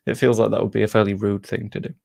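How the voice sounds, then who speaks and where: A man hosting a football channel, chatting casually as he answers viewer questions with quick asides. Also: on the low side, little pitch movement, gravelly, darkish tone. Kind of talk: casual live-stream Q&A.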